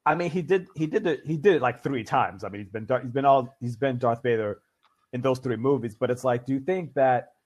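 A man's voice: mid-range voice, brisk, a little mellow. A man hosting a casual podcast, musing aloud in a rambling way with many restarts. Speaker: podcast host.

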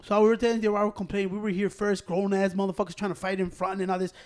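Profane, high-voiced storytelling man. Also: quick pace. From Hispanic American. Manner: profane, animated, laughs mid-story. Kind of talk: casual storytelling with friends.

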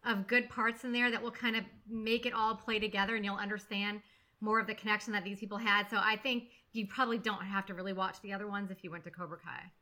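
A woman co-hosts a podcast and explains things in a relaxed, conversational way. Her voice has a bright, forward tone at a middle pitch. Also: fast. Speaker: podcast co-host. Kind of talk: casual podcast chat.

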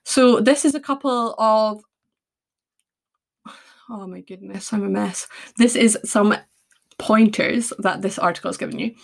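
A woman's voice: mid-range voice, unhurried, vocal fry, pauses often. A young woman hosting a podcast, talking casually with fillers, tangents and self-deprecating asides. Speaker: podcast host. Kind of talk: casual solo podcast chat.

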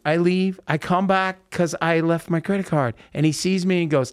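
A man hosting a podcast in a studio, telling a story with lively voiced-out quotes. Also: a little high, brisk, few pauses. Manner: animated storyteller acting out quotes. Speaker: podcast host. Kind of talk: casual storytelling chat.

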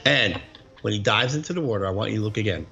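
A man's voice: lowish voice, animated, fast talker, vocal fry, sharp tone, faint music behind. A man co-hosting a casual movie commentary podcast, talking through scenes in a laid-back way. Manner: laid-back, questioning, storytelling. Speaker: podcast co-host. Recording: dull lo-fi audio.

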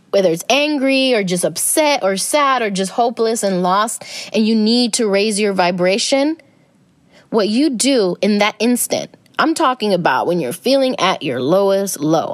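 A woman's voice: mid-range voice, no room sound. A young adult woman hosting a podcast, talking casually about self-help and spirituality in a rambling way with many fillers. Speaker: podcast host.

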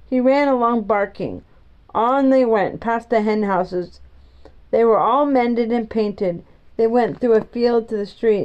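A woman reading a children's chapter book aloud in a gentle, even storytelling manner. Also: a little high. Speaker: reader. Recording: dull lo-fi recording.

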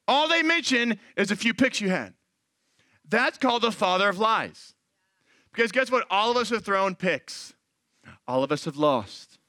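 A man preaching a sermon in a high, bright voice, animated and slipping into quoted voices. The sound is dry and close, with no room echo. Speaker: pastor.

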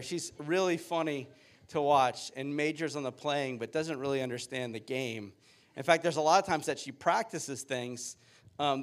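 A man in his thirties, a pastor giving a sermon with upbeat, joking storytelling. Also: a little high.

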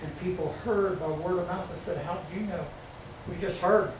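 A man's voice: sits high, normal speed, noisy background. A middle-aged man preaching a sermon, repeating his points and leading the congregation in call-and-response. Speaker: pastor. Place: church sanctuary. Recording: echoey room from far off, faint ambience.

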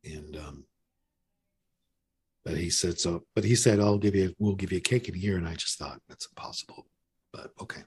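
Deep husky man telling his story. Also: normal speed, pauses often, a little mellow. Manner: candid, self-mocking storytelling with many restarts. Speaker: podcast guest. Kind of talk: recovery story told in casual conversation.

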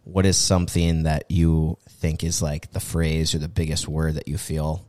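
A man's voice: a bass voice, flat delivery, moderate pace, warm tone, dry recording. A man hosting a podcast in casual chat, also giving an upbeat sponsor read. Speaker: podcast host.

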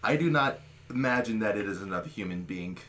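This podcast host talks a little fast in a lowish, expressive voice with some brightness to it. Among friends, he spins out a lengthy comic tale from when he was a kid, swearing freely and mocking himself.

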